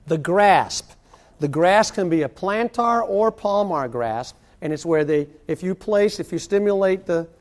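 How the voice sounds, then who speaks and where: A man's voice: on the high side, darkish tone. A man giving a classroom lecture in a conversational way, with joking asides and gestures.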